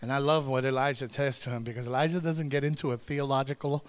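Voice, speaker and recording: A man preaching a sermon, swinging from hushed asides to shouted climaxes and calling out to the congregation. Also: medium pitch, little pitch movement, quick pace. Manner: calls out to the congregation.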